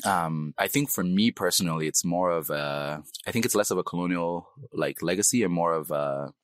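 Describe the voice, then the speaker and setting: Interviewee: young man from Nigeria, slight Nigerian accent, very low voice, dry close sound, thoughtful and hedging. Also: moderate pace, no echo. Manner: reflective, hedging, laughs easily. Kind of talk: casual interview.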